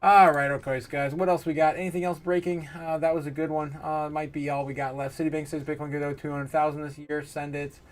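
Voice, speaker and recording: A man with a slightly high voice hosts a casual livestream, reading out viewer chat comments. He rambles, giggles often and leans on fillers as he talks. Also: level tone, brisk, hardly any pauses. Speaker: livestream host.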